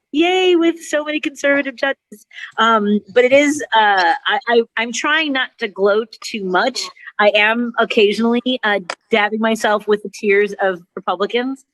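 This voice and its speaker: A middle-aged woman from Chicago, a comedian with a migraine, telling an animated, mock-outraged story over a video call. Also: mid-range voice, no echo. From Chicago, USA. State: suffering a migraine. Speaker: comedian and talk show host guest. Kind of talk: stand-up style ranting story.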